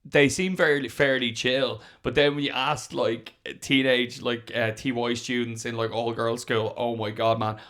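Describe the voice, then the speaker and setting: A man's voice: mid-range voice, level tone, normal speed, hardly any pauses, a bit bright. An Irish man in his twenties or thirties with a mid-range voice. He tells stories in a rambling, self-interrupting way and keeps checking in with his listener. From Ireland. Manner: rambling, self-interrupting, "do you know what I mean". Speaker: podcast co-host, comedian. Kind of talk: casual chat.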